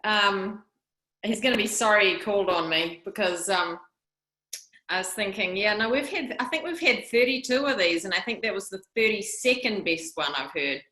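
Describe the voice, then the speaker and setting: New zealand woman sharing at a meeting, chatty and self-mocking, sharp bright voice, echoey room on a call. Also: mid-range voice, animated, moderate pace. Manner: chatty, wry self-deprecating humor. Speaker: recovery meeting member sharing. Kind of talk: personal share at a meeting.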